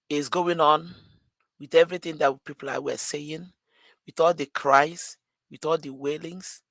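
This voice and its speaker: A woman's voice: low voice, a bit bright, no room sound. A woman, calling in to a discussion. She speaks in an impassioned, lamenting way and repeats phrases for emphasis. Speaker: caller. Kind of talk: call-in discussion.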